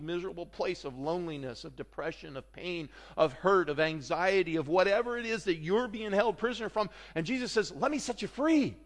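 A man preaching a sermon, animated, swinging between loud outbursts and hushed remarks. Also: high-pitched, long reverb tail. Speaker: pastor.

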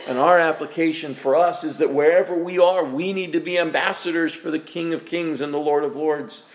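A man preaching a sermon as pastor, emphatic, asking rhetorical questions and acting out the voices he quotes. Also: on the high side.

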